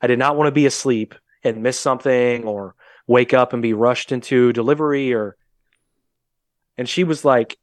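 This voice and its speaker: A young man with a Midwestern American accent tells a story on a podcast, blunt and sardonic and quick to swear. His voice sits mid-range. The remote call sound is dry, with no room echo. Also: medium pitch, steady tone. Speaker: podcast co-host. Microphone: remote call mic.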